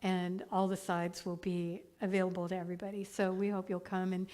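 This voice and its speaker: A woman's voice: on the low side, level tone, fairly quick, dark tone. A middle-aged woman minister giving chatty, upbeat church announcements to her congregation, laughing now and then.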